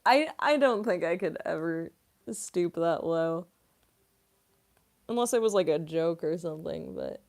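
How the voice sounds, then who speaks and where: A young woman voice actress talks through a casual livestream Q&A. She speaks at a slow, easy pace with a slightly low pitch, filling her sentences with "like" and breaking into giggles. Her talk is loose and chatty. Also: darkish tone. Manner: chatty and rambling, many fillers. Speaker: voice actress streamer.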